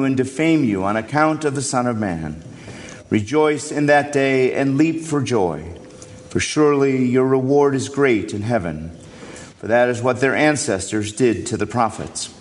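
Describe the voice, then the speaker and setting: A man's voice: mid-range voice, darkish tone, a little hiss or hum. Man reading scripture in an echoey church. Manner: measured, solemn reading. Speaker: scripture reader. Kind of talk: liturgical gospel reading.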